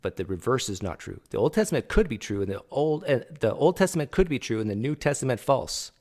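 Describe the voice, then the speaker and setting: This reaction-video host speaks quickly in a medium-pitched, sing-song, slightly mellow voice, casually arguing and talking back directly to whoever is on screen.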